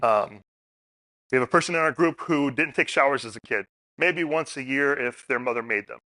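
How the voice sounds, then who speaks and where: Animated bright-voiced man telling stories. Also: medium pitch, moderate pace, no room sound. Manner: animated storyteller, acts out quotes. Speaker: speaker at a public forum. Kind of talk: personal storytelling talk. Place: public forum room.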